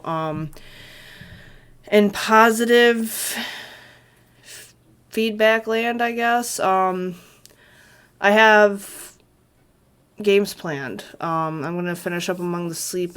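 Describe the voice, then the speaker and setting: A young woman vlogger speaking candidly to her viewers, halting and soft, with many pauses as she gets emotional. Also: deep voice. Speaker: vlogger and student. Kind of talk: candid talk to camera.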